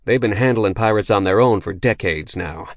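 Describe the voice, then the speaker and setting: A man's voice: on the low side, moderate pace, no room sound, studio quality, lightly acted. Man voicing a foul-mouthed swaggering veteran. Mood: brash. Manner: profane, swaggering, loud. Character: crude, boisterous veteran soldier man.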